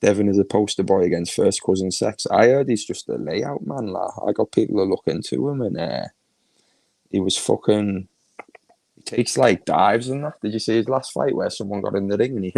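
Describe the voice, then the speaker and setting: A man's voice: on the low side, brisk, creaky, dark tone, no echo, rough recording. A man with a Liverpool accent hosting a livestream, ranting crudely and mockingly, laughing often. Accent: Liverpool (Scouse). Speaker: livestream host.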